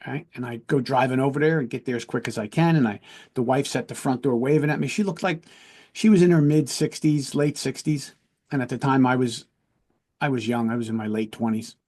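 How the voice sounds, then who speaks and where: A man's voice: mid-range voice, fairly quick, darkish tone. A man hosting his own podcast and telling stories from his police work in an earnest, conversational way, often checking in with "right?". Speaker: podcast host and police lieutenant. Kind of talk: casual storytelling.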